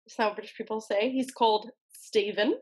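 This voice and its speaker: Breathy, laughing American woman co-host. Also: on the high side, fairly quick. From United States. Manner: lively, jokey, laughs often. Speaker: podcast co-host. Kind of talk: casual podcast chat.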